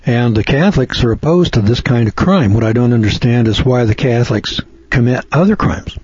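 Husky, folksy male preacher. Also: medium pitch, fairly quick, darkish tone, no room sound, lo-fi sound. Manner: folksy, sardonic, talks back to a letter writer; frequent throat-clearing. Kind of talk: conversational Bible commentary.

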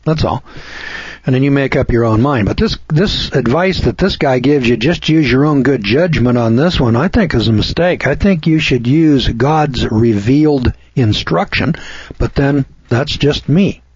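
A man's voice: medium pitch, animated, a little slow, breathy edge. An older man hosting a radio show, giving folksy, preachy commentary and stretching key words for emphasis. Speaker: radio host. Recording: dull lo-fi radio sound.

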